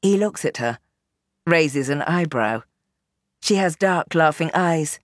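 A woman narrating a novel as an audiobook in an expressive, dramatic reading. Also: low-pitched, slow, dry recording, studio quality. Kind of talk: scripted narration.

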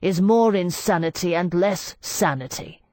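A woman's voice: measured pace, a little mellow, dry recording, clean studio sound, natural voice. A woman reading the lines of an impassioned male poet, proud and wounded, her voice rising with heat. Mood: defiant. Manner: heated, raises pitch and volume for his lines. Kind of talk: audiobook character reading.

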